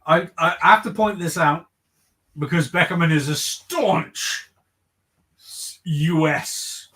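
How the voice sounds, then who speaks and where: An Englishman co-hosting a live comics show, chatting casually in a halting way, stammering and restarting, with self-deprecating humor. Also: on the high side, fairly bright tone. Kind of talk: casual chat on a livestream.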